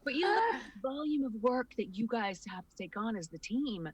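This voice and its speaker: A woman voice actor talking candidly on a panel, animated and laughing often. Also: fairly high pitch, normal speed, background noise. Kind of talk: casual panel talk. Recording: dry sound from a distant mic.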